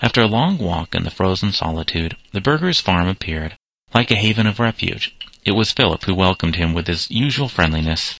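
Deep, gravelly male storyteller. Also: animated, a little fast, a bit bright, dry recording, low-quality recording. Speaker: narrator. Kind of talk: reading a story aloud.

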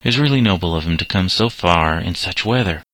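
A man reading the lines of a caring Christian mother in a storybook, earnest and gently reproving, in his own low voice. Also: expressive, fairly quick, no echo. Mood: concerned.

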